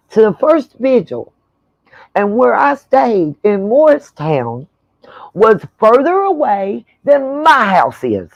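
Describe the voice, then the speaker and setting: A woman's voice: a little high, big pitch swings, slow pace, dry recording. A woman hosting her own channel, ranting bluntly and with profanity in an irritated, fed-up way during a livestream commentary. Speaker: channel host. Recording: dull lo-fi dry sound.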